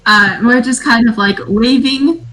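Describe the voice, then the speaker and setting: A woman's voice: on the high side, a little slow, bright, forceful tone, soft background music, poor audio. A woman playing a tabletop game, giggling between her lines. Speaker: player.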